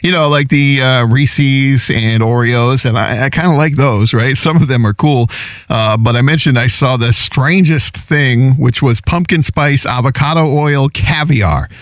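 A man's voice: unhurried, no echo, clean studio sound. A man hosting a show, talking casually to listeners and laughing often while eating chips. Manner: chatty, laughs often, lively pitch swings. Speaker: show host.

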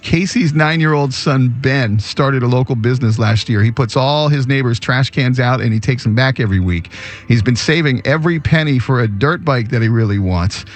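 A man's voice: medium pitch, normal speed, soft background music. A man hosting a radio segment, telling a story in an enthusiastic, admiring way and saying he is moved by it. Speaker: radio host. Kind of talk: upbeat radio feature storytelling.

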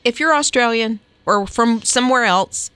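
A woman's voice: fairly high pitch, moderate pace, fairly bright tone, clear, resonant tone, no echo. A woman co-hosting a morning radio show, playful and coaxing, laughing easily. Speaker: radio co-host.

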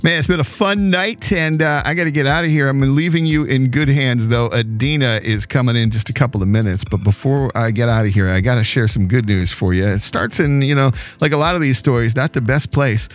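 A man hosting a radio show, telling a story in a casual, animated way. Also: medium pitch, a little fast, few pauses.

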